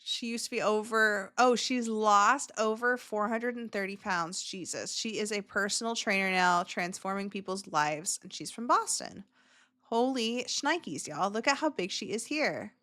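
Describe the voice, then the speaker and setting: A woman's voice: medium pitch, a little slow, pushed and bright. A woman hosting a casual reaction video who gushes emotionally over clips, with many filler words.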